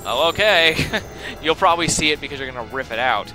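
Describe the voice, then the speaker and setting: A man giving casual, chatty commentary while he plays a game, excitable and talking to himself. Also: a little high, a little fast. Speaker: let's play host. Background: game music.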